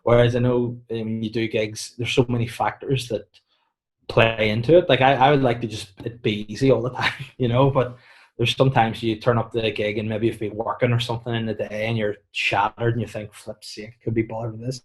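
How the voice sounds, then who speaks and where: A man with a Northern Irish accent, a comedian guest chatting casually on a podcast, acting out quotes and giving deadpan mock warnings. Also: medium pitch, a little fast. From Northern Ireland.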